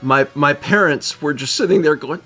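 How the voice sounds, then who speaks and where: A man's voice: moderate pace, soft background music. A man in his thirties, co-host of a casual live show, telling a story with lots of laughter and restarts. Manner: animated, laughing, voice climbs high when quoting people.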